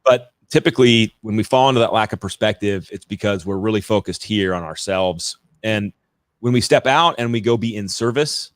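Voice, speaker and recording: A man's voice: on the low side, normal speed, dry recording, studio quality. A man hosting a podcast who asks reflective questions and often restarts his sentences. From California. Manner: reflective, searching, with frequent restarts. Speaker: podcast host. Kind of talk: casual podcast interview.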